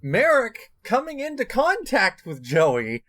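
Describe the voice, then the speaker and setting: A man co-hosting a casual podcast, emphatic and animated as he complains. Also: very high voice, slow pace. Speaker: podcast co-host. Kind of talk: casual chat.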